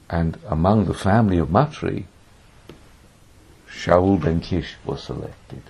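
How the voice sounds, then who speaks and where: A Bible teacher with a lowish, slightly mellow voice and a breathy edge speaks slowly. He teaches a lesson on a biblical text, reading Hebrew verses aloud, translating them, and giving quoted speech dramatic emphasis.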